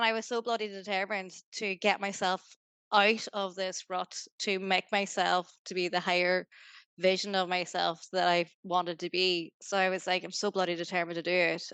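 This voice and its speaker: Northern Irish woman, podcast guest, upbeat motivational chatter, smooth voice, dry close sound. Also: fairly low pitch, fairly bright tone, no room sound. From Northern Ireland. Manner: upbeat, motivational, fast rambling with many "like"s. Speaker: guest, business founder. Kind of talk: casual podcast interview.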